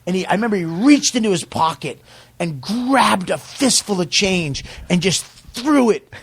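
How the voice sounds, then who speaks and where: A man, a comedian guest, telling profane, animated stories in a casual podcast chat. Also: sits high, moderate pace, husky.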